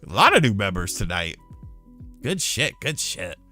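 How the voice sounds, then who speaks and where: A man's voice: fairly low pitch, very animated, moderate pace, bright, forceful tone, soft background music. A man in his thirties hosting a casual livestream. He tells rambling, profane stories and thanks new members as they join. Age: 30s. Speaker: streamer.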